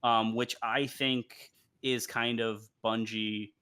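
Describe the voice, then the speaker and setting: A man's voice: medium pitch, little pitch movement, slow pace, bright, forceful tone, clean tone. A man co-hosting a live gaming podcast, talking casually and hesitantly with lots of "like" and "um". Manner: hesitant, full of "like" and "um" fillers. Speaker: podcast co-host.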